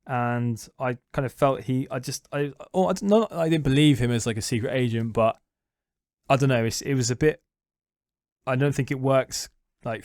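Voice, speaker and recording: A man's voice: medium pitch, darkish tone, dry recording, studio quality. A young man chatting casually through a movie review, rambling and hesitant with lots of restarts.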